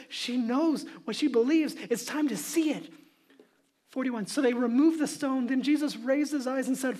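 High-voiced male pastor preaching. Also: normal speed. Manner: conversational storytelling building to loud, emphatic preaching. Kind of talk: sermon.

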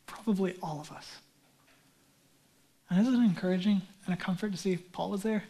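A male pastor giving a sermon in a conversational, animated way, with casual asides. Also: high voice, normal speed, long pauses.

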